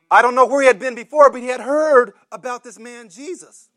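A man preaching a sermon who acts out the voices of beggars and crowds, repeats words and builds up to shouted cries. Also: very high-pitched, brisk.

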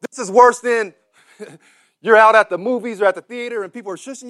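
A man preaching a sermon who acts out the voices of beggars and crowds, repeats words and builds up to shouted cries. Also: sits high, fairly even intonation, a little fast.

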